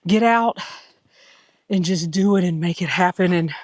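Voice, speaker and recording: Brief: chatty woman trail vlogger outdoors, warm folksy enthusiasm, dry close sound. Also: on the low side, normal speed, dry recording. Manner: enthusiastic, folksy, repeats "fantastic"; chatty, addresses viewers as y'all. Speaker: hiker vlogging a long-distance trail. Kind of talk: casual trail vlog to camera.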